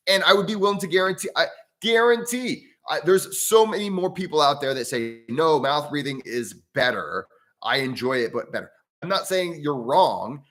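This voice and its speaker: A man's voice: on the high side, a bit bright. An American man hosting a casual livestream about breathwork, rambling with many restarts and chatting with viewers. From United States. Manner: reads out viewer comments and chats with them. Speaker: breathwork channel host.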